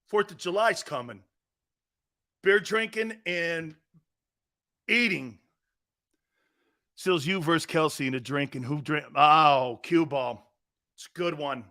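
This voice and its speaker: A middle-aged man with an East Coast American accent, hosting a sports talk show in brash, loud, joking banter. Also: fairly high pitch, slow, long pauses. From Northeastern United States. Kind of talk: casual live show banter.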